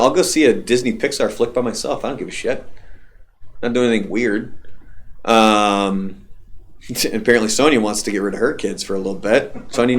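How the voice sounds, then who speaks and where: A man hosting a casual radio after-show chat, blunt and profane, his throat hoarse. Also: mid-range voice, a bit bright.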